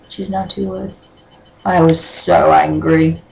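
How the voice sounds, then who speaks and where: A woman's voice: deep voice, steady tone, unhurried, vocal fry, dull audio, very noisy. A woman giving a comic reading of a fan story, breaking in with dry, sardonic asides. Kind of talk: comic dramatic reading with commentary.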